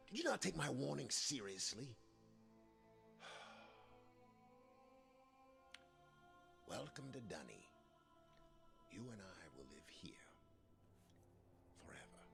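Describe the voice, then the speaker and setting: An actor playing a stern, scornful male video game character who speaks slowly and drops into hushed whispers. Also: medium pitch, vocal fry, heavily acted. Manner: slow, dramatic delivery sliding into hushed whispers. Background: game music.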